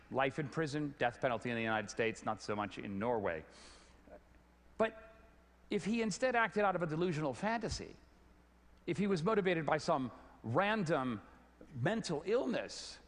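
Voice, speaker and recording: A middle-aged man giving a storytelling talk on stage, animated, often stumbling over repeated words. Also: on the high side. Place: large hall before an audience. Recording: long hall reverb.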